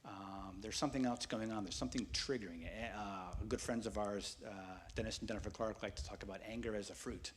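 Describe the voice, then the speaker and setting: Low-voiced, relaxed pastor. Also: male voice, a little fast, hardly any pauses, a little hiss or hum. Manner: relaxed, conversational preaching with fillers. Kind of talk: sermon.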